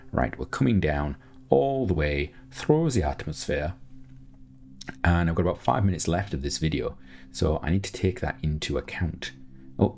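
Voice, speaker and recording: A man's voice: extremely low pitch, darkish tone. A man giving chatty, self-mocking commentary while he plays, thinking aloud with many restarts. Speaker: gameplay commentator. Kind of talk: casual gameplay commentary.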